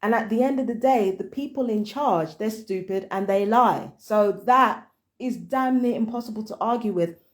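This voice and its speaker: A woman's voice: on the high side, normal speed. A woman vlogger giving blunt, heated commentary on a phone call, cussing and ranting.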